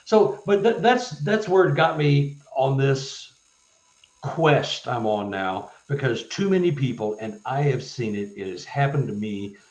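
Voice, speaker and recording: A man, a guest author on a live interview, telling personal stories with halting restarts and growing animation. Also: mid-range voice, reverberant, muffled recording. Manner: halting, stuttered restarts, animated when retelling events. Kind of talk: casual storytelling in a live interview.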